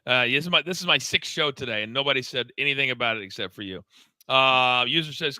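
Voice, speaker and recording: A man's voice: medium pitch, quick pace, no echo, poor audio. A middle-aged man co-hosting a casual wrestling talk show, telling backstage stories with lots of stammered repeats. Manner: animated storyteller, stammers and repeats words. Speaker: podcast co-host, former wrestling coach.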